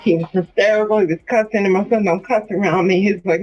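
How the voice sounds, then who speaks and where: A woman's voice: mid-range voice, quick pace, few pauses, a little mellow, slight background noise. A woman in an interview clip from a show, recounting a phone call in a distressed way, repeating herself as she reenacts it. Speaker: interviewee, mother.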